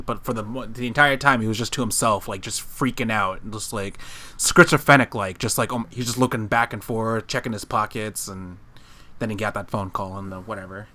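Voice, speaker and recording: A man's voice: on the low side, sharp tone. Rambling man telling a story. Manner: rambling storyteller, many fillers and restarts. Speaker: podcast co-host. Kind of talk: casual chat. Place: living room.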